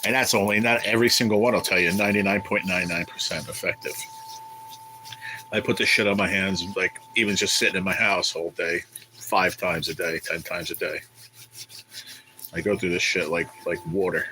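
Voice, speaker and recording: A deep-voiced man chats loosely through a livestream, talking straight to viewers in the chat. His tone has a bright, forward edge, and he rambles and swears freely. A faint hum sits under the recording. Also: steady tone, moderate pace, rough recording. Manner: rambling, profane, chatty with viewers. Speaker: livestream host reading chat.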